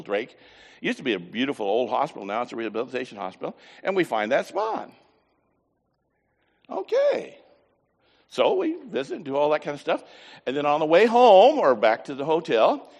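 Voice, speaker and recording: Animated man preaching in a reverberant hall. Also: fairly high pitch. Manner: animated, folksy storytelling with voiced asides. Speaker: pastor. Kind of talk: storytelling sermon.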